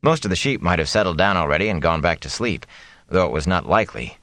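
A man reading an audiobook in a steady, measured storytelling manner. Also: sits low, dry recording. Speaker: audiobook reader. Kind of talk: audiobook narration.

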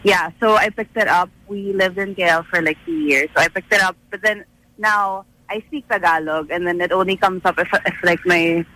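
A woman's voice: lowish voice, moderate pace, pushed and bright, rough recording. A woman calling in to a radio show, talking casually and a little nervously. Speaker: caller. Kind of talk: phone-in chat.

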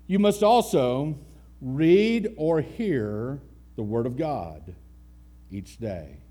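A man's voice: fairly high pitch, warm tone. A man preaching a sermon, with an emphatic, repeating cadence that swells and falls. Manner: emphatic, repetitive cadence with swelling and falling delivery.

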